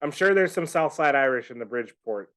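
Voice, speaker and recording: Male podcast co-host, agreeable sidekick, lively voice. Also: mid-range voice. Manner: agreeable, chiming in with quick asides. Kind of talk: casual chat.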